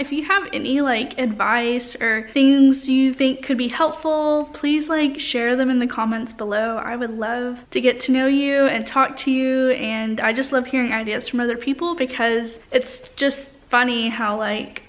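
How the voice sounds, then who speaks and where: A young woman teacher vlogging from her classroom, talking casually and rambling with plenty of "like" and "um". Her voice sits a little high. She chats to the camera as if to a friend. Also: steady tone, a little slow, hardly any pauses. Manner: chatty, rambling with many fillers. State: out of breath at times. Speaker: high school art teacher. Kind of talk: casual vlog talk to camera. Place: empty school classroom indoors.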